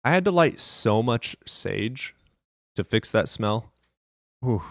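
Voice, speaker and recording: A man's voice: mid-range voice, big pitch swings, slow, vocal fry, dry recording, studio quality. A man hosting a live stream from his desk at home, chatting casually and telling rambling, profane stories.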